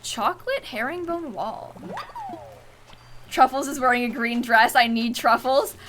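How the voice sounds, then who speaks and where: Bright-voiced young woman streamer. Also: a little high, unhurried, slight background noise. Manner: chatty, giggly, pleading and exclaiming at the game. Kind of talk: casual live-stream chat while gaming.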